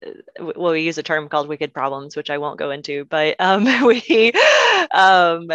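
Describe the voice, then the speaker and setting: A woman's voice: sits low, a little slow, fairly bright tone, no echo. A woman in a discussion, agreeable and a little hesitant as she searches for words, on a dull lo-fi recording. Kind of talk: conversational discussion. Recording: dull lo-fi sound.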